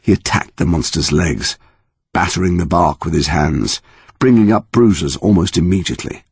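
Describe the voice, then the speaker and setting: A man's voice: low-pitched, moderate pace, husky, no echo. A man narrating a story in a dramatic, emotionally charged reading. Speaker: audiobook narrator.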